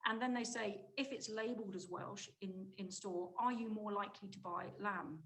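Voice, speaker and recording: A woman giving a conference presentation on shopper research, talking briskly and emphatically with frequent restarts mid-phrase. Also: mid-range voice, fairly even intonation, a bit bright, rough recording. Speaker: conference speaker, market insight director.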